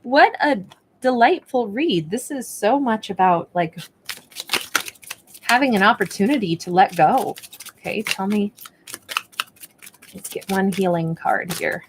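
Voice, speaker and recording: A woman's voice: mid-range voice, unhurried, long pauses, background noise. A woman giving a spoken tarot and oracle card reading at home, talking in a reflective, encouraging way with lots of fillers. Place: indoors at a table with her card decks.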